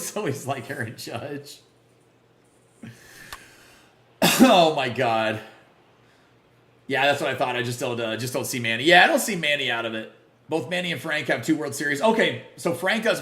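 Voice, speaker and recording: A man hosting a casual live game stream, greeting viewers by name and reacting loudly to big plays. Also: fairly high pitch, expressive, moderate pace, pauses often, reverberant. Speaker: livestream gamer.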